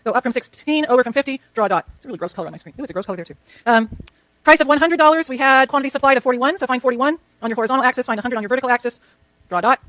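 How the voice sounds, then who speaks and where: Woman prof racing thru an econ lecture, high pitched, chatty asides to herself. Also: a bit bright, no echo. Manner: rapid, chatty, self-talk while working slides. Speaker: economics lecturer. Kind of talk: university lecture with clicker questions. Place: lecture hall.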